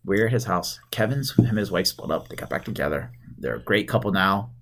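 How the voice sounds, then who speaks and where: A man's voice: lowish voice, a little fast, creaky. A man, telling a rowdy story in casual podcast chat, swearing and laughing as he goes. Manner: animated, profane, laughs while telling stories.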